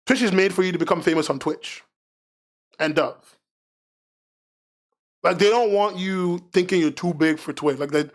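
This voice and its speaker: Man, streamer, casual live chat, rambling, frank, self-mocking, fairly high voice.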